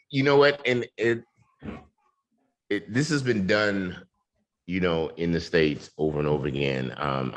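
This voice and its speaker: Man, very deep voice, animated host, lots of "you know", video call. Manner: animated, hyped, filler-heavy. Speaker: podcast host. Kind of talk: casual interview talk.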